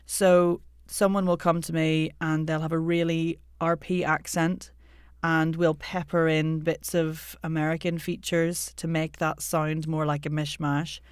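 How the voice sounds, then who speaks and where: A woman accent coach from the UK, explaining in a measured way on a podcast. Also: low voice, flat delivery, clear, resonant tone, no echo, studio quality. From United Kingdom. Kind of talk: explanatory interview talk.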